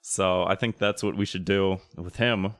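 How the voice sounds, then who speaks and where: A man with a very deep voice chats loosely on a podcast, circling his points with plenty of fillers and a few curses. The recording is dry and close. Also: steady tone, measured pace, a bit bright, no room sound. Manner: rambling, heavy filler words, swears. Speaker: podcast co-host. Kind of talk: casual chat.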